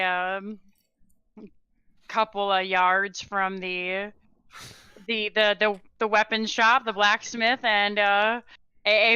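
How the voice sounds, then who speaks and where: A woman's voice: medium pitch, pushed and bright, clean tone, dry recording, dull audio. A woman narrating as game master of a tabletop game, casual and hesitant with many fillers.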